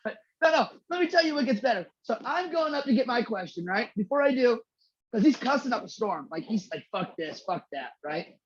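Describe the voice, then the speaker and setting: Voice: medium pitch, lively intonation, a little fast, a little hiss or hum. A podcast co-host telling a long story in a casual, rambling, heavily profane way. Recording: slightly dull lo-fi audio.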